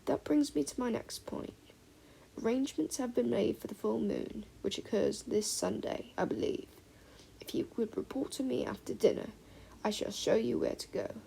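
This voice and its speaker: A woman's voice: a little high, moderate pace, gravelly, warm tone, slight background noise. A woman voicing a stern older female teacher with a reedy Scottish accent, precise and formal. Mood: formal, measured.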